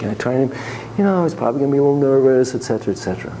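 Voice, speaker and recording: A man who is a psychologist telling a story to students in a lecture, animated and joking, with frequent laughs. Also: medium pitch, racing, a little hiss or hum.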